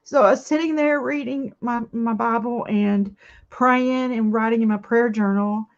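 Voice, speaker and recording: Lady in her middle years, chatting slow and earnest to y'all while crafting, kinda muffled stream sound. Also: on the high side. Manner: chatty, earnest, addresses viewers warmly as y'all. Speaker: craft livestream host. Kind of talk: casual chat while crafting. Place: home, indoors.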